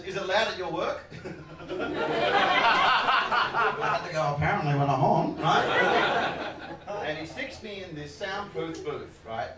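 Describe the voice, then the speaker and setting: A man doing a stand-up routine, his high voice leaping all over the place as he swears and laughs his way through the bit. He is picked up from a distance in a roomy live venue. Audience noise sits clearly behind him. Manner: animated, swearing, laughing storyteller. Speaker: stand-up comedian.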